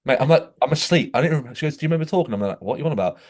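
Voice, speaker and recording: A man co-hosting a podcast, telling stories in animated casual chat, saying "mate" often and acting out quoted voices. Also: racing, slightly rough. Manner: animated storytelling, says "mate" constantly; acts out quoted voices with jumps in pitch. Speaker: podcast co-host.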